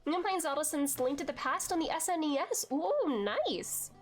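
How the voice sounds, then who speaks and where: A woman's voice: high-pitched, big pitch swings, moderate pace, faint music behind. A woman streaming a video game while sick, chatting casually and rambling with lots of "like.". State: sick, saving her voice. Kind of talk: casual gaming commentary.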